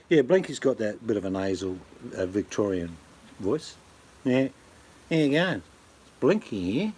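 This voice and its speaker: Brief: older Australian man, deep-ish and husky, jokey rambling host talk. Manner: rambling, jokey, swaps into impressions. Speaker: channel host. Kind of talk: casual chat.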